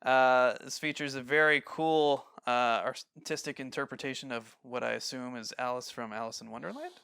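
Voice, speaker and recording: A man from Ohio hosts a casual podcast chat, and his voice is bright and crisp. He rambles through his points with plenty of fillers and frequent laughs. He is recorded close and dry on a podcast mic at home. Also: medium pitch, normal speed, no room sound. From Ohio, USA. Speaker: podcast host.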